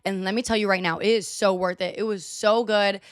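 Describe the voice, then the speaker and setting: A young woman hosting a podcast, telling a story in a chatty, animated way with lots of filler words. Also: medium pitch, fairly quick, clean tone, dry recording, clean studio sound. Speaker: podcast host. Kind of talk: casual storytelling monologue. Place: US (Texas area).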